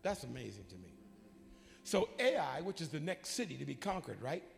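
A man, a bishop, preaching a sermon in church with animated, folksy storytelling that swings up into shouting. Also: a little high, normal speed, creaky, big-room sound. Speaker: bishop and pastor. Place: church sanctuary.

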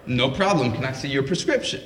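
A man voicing a laid-back, tall, bearded shop clerk who slides into an easygoing sales pitch. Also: lively intonation, brisk, lightly acted. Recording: roomy echo.

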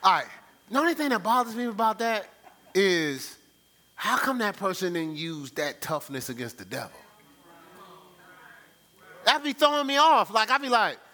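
Pastor, male, lively sermon delivery, bright, acts out scenes in voices. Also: high-pitched.

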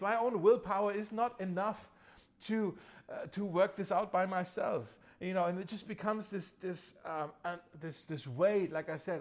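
Guy pastor with a higher voice, chatty sermon, repeats himself a lot, little self-laughs. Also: normal speed. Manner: conversational, repeats key phrases, chuckles at himself.

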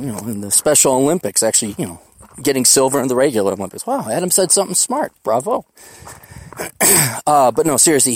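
A rowdy podcast host rambles outdoors on a hiking trail, swearing freely and cracking jokes as he goes. His voice sits at an ordinary middle pitch for a man, loose and unscripted. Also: darkish tone, slight background noise. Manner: profane, boisterous, jokey. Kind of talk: casual rambling monologue.

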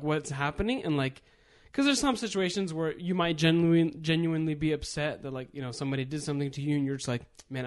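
Chatty, slightly high-voiced man. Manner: rambling, reflective, many fillers and restarts. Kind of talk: casual chat.

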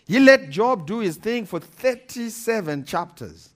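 A pastor preaching a sermon, animated and emphatic, repeating scripture references and laughing between points. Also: male voice, high-pitched, unhurried.

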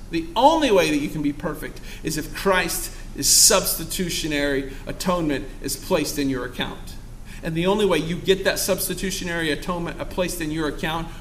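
A young man preaching a sermon with passion, moving between loud exclamations and hushed asides. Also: a little high, slight background noise.

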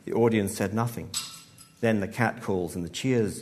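A man reads his own short story to a live audience. His delivery is measured and dry, and his voice sits on the low side. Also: darkish tone. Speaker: author. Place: live event venue.

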